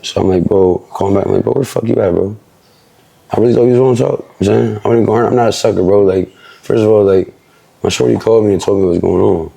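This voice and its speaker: A young man from Philadelphia tells his own story with a low, gravelly voice and a husky edge. He rambles fast in heavy street slang, easy and unpolished. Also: steady tone, dark tone. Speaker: interview guest, rapper. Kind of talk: casual storytelling.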